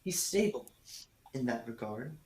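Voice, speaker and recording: A man narrating as game master, describing scenes at length and pausing often to search for words. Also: medium pitch, animated, a little mellow. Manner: descriptive, hesitant, with fillers. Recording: roomy room sound.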